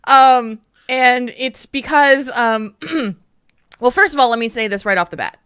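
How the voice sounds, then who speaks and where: A woman's voice: a little high, measured pace, fairly bright tone, clear, resonant tone, dry recording, clean studio sound. A woman hosting a casual podcast, talking openly and candidly and laughing often. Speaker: podcast host.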